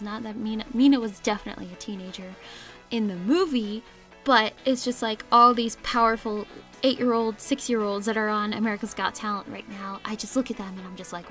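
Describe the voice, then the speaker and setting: An art channel host gives casual voice-over commentary on her drawings, rambling, giggling often and second-guessing herself. Her voice is fairly high and a bit bright.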